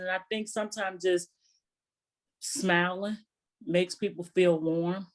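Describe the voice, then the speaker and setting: A woman physician answering interview questions calmly, telling stories and quoting her patients. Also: lowish voice, normal speed. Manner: calm, storytelling with quoted patients.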